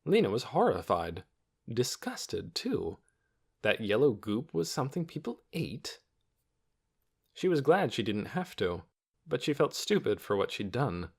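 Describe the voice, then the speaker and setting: A man narrating a children's novel audiobook in an expressive storytelling manner. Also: mid-range voice, unhurried, vocal fry, slightly rough. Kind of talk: scripted narration.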